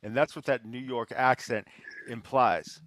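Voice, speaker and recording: A man co-hosting a podcast chat, explaining his view in a measured way with examples. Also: medium pitch, fairly even intonation, fairly bright tone. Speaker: podcast co-host. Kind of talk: casual chat.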